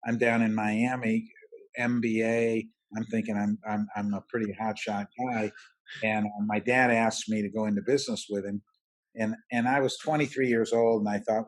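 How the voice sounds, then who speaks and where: A middle-aged man with a slightly low voice, a guest on an interview podcast. He talks haltingly, restarting his sentences again and again and filling the gaps. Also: level tone. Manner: halting, many restarts and fillers. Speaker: guest, roofing company president. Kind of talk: interview, storytelling.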